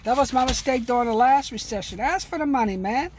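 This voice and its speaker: A man's voice: very high voice, lively intonation, fast talker, a little hiss or hum. A middle-aged man talking to his camera in a loose, rambling way, streetwise and peppering his talk with "man". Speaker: vlogger. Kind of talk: casual rambling monologue.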